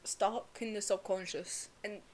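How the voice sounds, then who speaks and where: A woman's voice: medium pitch, fairly even intonation, unhurried. A young woman giving a casual, emotional review of a manga, chatty, full of "like" and the odd swear word.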